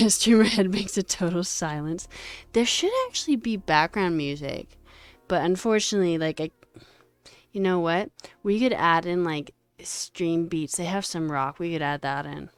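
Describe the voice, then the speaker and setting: A woman streamer chatting casually with her viewers while coding, animated and chatty, with lots of fillers and some swearing. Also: fairly low pitch, moderate pace, clean tone, no room sound, faint music behind. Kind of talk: casual livestream chat with viewers.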